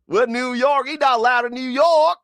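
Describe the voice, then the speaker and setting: A man voicing a slow-talking Southern cop with a Mississippi accent. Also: extremely high pitch, a bit bright, dry recording, studio quality, voice pushed up. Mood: drawling.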